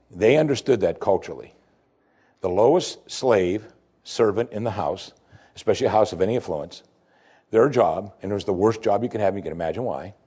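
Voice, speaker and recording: A man preaching a sermon, explaining scripture with emphasis that rises sharply in pitch. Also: husky. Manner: animated preaching, voice climbing high for emphasis. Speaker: pastor.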